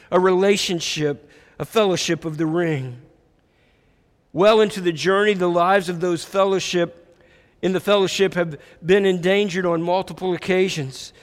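A man preaching a sermon, retelling a story reflectively with repeated phrases. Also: sits high. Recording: echoey hall reverb.

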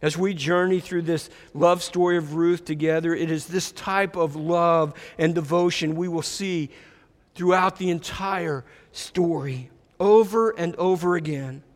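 A man's voice: on the high side, measured pace. A man preaching a sermon, retelling a story reflectively with repeated phrases. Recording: echoey hall reverb.

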